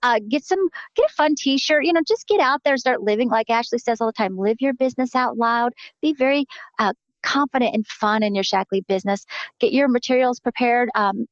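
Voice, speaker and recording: A woman coach fires off upbeat, direct action steps to her team. Her voice sits a little high and dry. The sound is dull and lo-fi, like a webinar call. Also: fairly quick, no room sound. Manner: upbeat, rallying, direct instructions. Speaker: training leader giving action steps.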